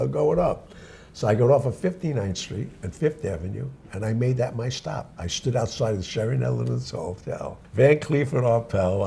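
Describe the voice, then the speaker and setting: Gravelly older New man. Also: on the low side, slight background noise. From New York. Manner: animated, acts out the voices of people in his stories. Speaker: guest. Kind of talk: casual storytelling.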